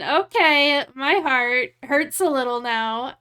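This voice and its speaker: A woman's voice: sits high, animated, pushed and bright. A young woman streaming live, chatting casually and joking at her own expense. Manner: joking, self-deprecating, quick laughs.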